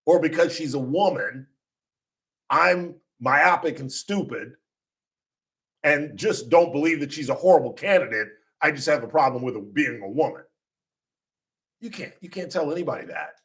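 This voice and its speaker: A man hosting a radio talk show in a blunt, combative style. His voice sits at an ordinary pitch, and he tells stories with animated punch. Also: moderate pace. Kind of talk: opinionated talk radio monologue.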